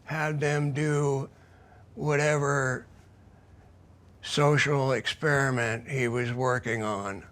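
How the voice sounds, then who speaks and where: A man interviewed for a documentary, recalling the past in a deliberate, wry way. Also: medium pitch, steady tone, fairly bright tone. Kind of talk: reflective interview recollection.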